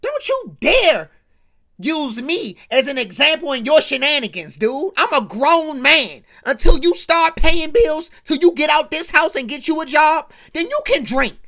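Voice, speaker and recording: A woman voicing an angry sitcom dad who loudly and indignantly scolds his teenage son. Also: sits high, sing-song, takes it slowly, creaky, full character voice.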